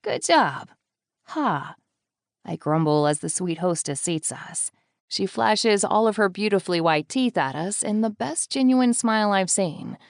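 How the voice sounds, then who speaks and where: A woman narrating a first-person thriller audiobook, with wry, deadpan asides. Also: mid-range voice, moderate pace, clear, resonant tone, no room sound, studio quality.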